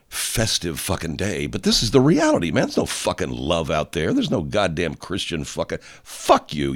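Older man, angry profane monologue, low voice with wide swings from shouting to muttering. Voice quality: heavy swearing, loud outbursts. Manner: ranting, rising into shouting then dropping low.

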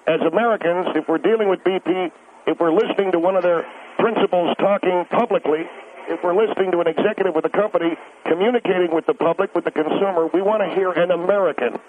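A fast-talking man with a high voice rings in to a radio program and rants, rambling insistently, tripping over his words and circling back to repeat points. A faint hiss and tinny tone mark the phone line.

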